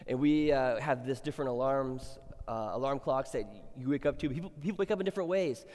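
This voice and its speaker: A middle-aged pastor delivers a sermon that opens conversationally and rises into emphatic exhortation. He speaks a little fast in a mid-range, darkish voice, with few pauses. The long reverb of the church sanctuary hangs on every word.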